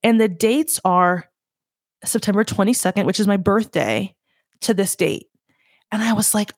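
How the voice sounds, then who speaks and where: A woman's voice: medium pitch, animated, normal speed, no room sound, studio quality. A young woman hosting a podcast, talking casually and emphatically, correcting herself as she goes. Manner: chatty, self-correcting, emphatic advice. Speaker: podcast host. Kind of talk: casual solo talk.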